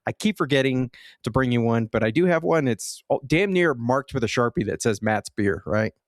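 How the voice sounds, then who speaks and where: A man co-hosting a casual gaming podcast, relaxed and laughing often, with the odd swear. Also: medium pitch, normal speed, no room sound, clean studio sound. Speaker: podcast co-host.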